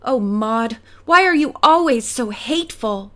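A woman's voice: a little high, expressive, unhurried, a bit bright. A woman reading the part of an earnest, emotional young woman in an audiobook. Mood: firm. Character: young woman, inn owner, emotional and loyal.

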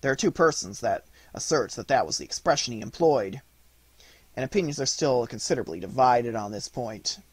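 A man narrating a classic storybook aloud in an expressive, lively way. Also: mid-range voice, a little fast, breathy edge, dry recording. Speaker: audiobook narrator.

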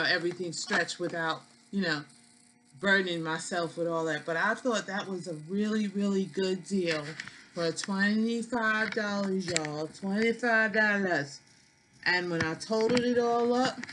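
A woman's voice: lowish voice, noisy background. A woman with a New York accent, chatting casually to viewers in a product haul vlog, folksy and talkative. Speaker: vlogger.

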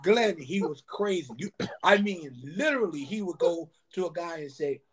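A man who used to work as a nightclub bouncer, telling an animated story in a podcast interview and often adding "man". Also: sits high, moderate pace.

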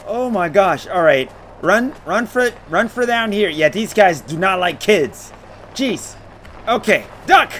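A game streamer with a high, animated but slow voice gives casual commentary as he plays, over slight background noise. He swears a lot and yelps and shouts whenever something startles him.

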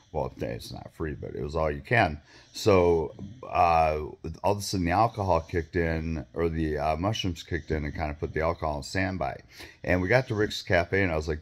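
A man with a low voice tells a long, meandering story straight to camera. He swears freely and keeps stopping to restart sentences and throw in asides. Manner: rambling, profane, lots of fillers and restarts. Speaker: vlogger.

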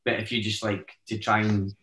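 A Scottish man talks as a guest, rambling through stories and leaning on "eh" fillers. His voice sits low, and the room around him adds a noticeable echo. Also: little pitch movement, normal speed, fairly bright tone. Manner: rambling storytelling, many "eh" fillers. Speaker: actor guest. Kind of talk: casual chat.

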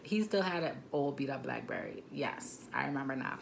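Low, gravelly young island woman vlogging. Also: moderate pace, a little hiss or hum. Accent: Turks and Caicos Islands. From Turks and Caicos Islands. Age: 20s. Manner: animated, indignant storytelling with frequent asides. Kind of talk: storytime vlog. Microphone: phone camera mic.

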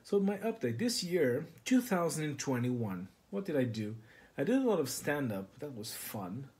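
A man's voice: fairly high pitch, big pitch swings, normal speed, darkish tone, husky. A man who does stand-up, telling a rambling, profane, absurd story straight to camera. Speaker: comedian vlogger. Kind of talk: rambling comic monologue to camera.

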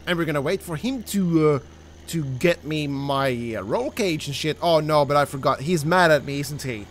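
A young man hosting a let's play, talking through his game, excitable and quick to swear and yell at the characters. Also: a little high, slight background noise. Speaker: gaming channel host.

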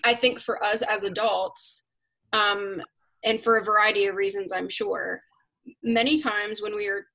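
A woman hosting a casual live chat, candid and self-mocking, getting animated when she quotes herself. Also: medium pitch, measured pace, poor audio. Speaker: host.

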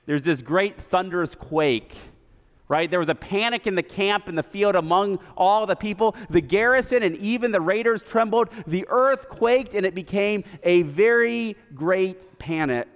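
A man's voice: sits high, normal speed. A male pastor preaching a sermon, retelling the story casually and animatedly with lots of fillers, recorded in a reverberant church sanctuary.

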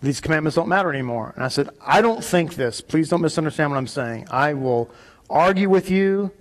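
High-voiced man preaching with emphatic peaks. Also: lively intonation, brisk. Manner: emphatic, rising to loud high peaks when arguing. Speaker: rabbi. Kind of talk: sermon. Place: synagogue.

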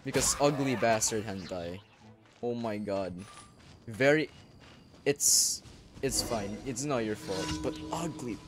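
A young man giving casual gameplay commentary, crude and excitable, breaking into sudden loud outbursts. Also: mid-range voice, slow, long pauses. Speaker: gaming YouTuber. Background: faint game music.

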